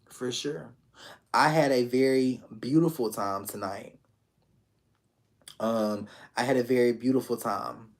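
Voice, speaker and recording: A man's voice: medium pitch, measured pace, long pauses. A man reading tarot live for an online audience in a loose, conversational way. He speaks with open affection to his viewers, circles back to repeat his phrases and drops casual curse words. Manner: affectionate, talks straight to viewers. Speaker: tarot reader.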